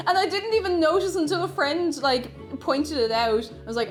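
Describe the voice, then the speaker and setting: A woman's voice: high voice, lively intonation, normal speed, hardly any pauses, faint music behind. A young Irish woman streaming from home, chatting casually and reading out viewer comments with frequent giggles and rambling asides.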